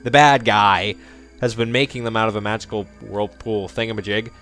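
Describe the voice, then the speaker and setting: A man's voice: lowish voice, fairly even intonation, moderate pace, fairly bright tone, soft background music. A man hosting a let's play, giving jokey, rambling gameplay commentary. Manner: jokey, rambling, self-mocking.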